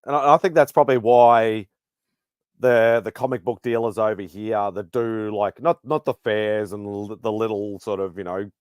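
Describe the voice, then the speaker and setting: A man, a panel guest in a casual chat, laid back and quick to chuckle. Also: fairly low pitch, steady tone, a little mellow, smooth, dry recording, clean studio sound.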